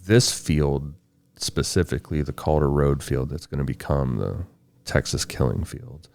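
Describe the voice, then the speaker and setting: A man hosting a podcast, telling a true-crime story in steady, detailed narration with casual asides. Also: rumbling low, a little slow, creaky, no echo. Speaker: podcast host.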